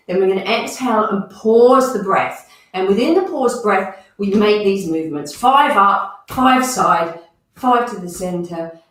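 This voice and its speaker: A woman's voice: medium pitch, recorded from a distance. A woman leading a guided movement and breathing class, calling out each movement and breath cue as she goes. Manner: instructive, counting out movements and breath cues. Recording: very echoey room, voice from off the mic.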